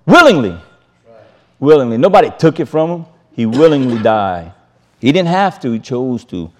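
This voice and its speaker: A man's voice: mid-range voice, big pitch swings, normal speed, a little mellow. A man teaching a sermon, reading scripture aloud and commenting in an emphatic, casual way, repeating his key phrases and chuckling between points. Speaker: Bible teacher.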